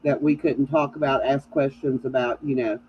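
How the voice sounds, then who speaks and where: A woman's voice: very deep voice, steady tone, normal speed. A middle-aged woman telling family stories with laughs in a casual chat. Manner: storytelling, laughing at family anecdotes. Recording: dull lo-fi sound with faint noise.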